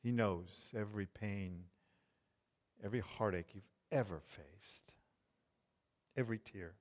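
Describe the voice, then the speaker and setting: Slow, hushed pastor in a reverberant hall. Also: male voice, lowish voice. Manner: slow, tender, hushed delivery. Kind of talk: sermon.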